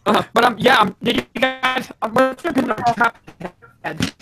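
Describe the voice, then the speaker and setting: A man's voice: very high-pitched, normal speed, creaky, bright, forceful tone, faint music behind. A man with a lisp co-hosting a casual online chat, hesitant and full of "um", over a mic that sometimes sounds robotic. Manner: hesitant, lots of "um". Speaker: co-host.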